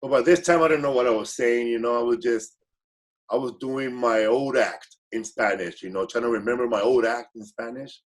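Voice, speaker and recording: This male guest comedian rambles through laid-back stories, fixing his own words as he goes and dropping in bits of Spanish. He speaks briskly in a mid-range voice.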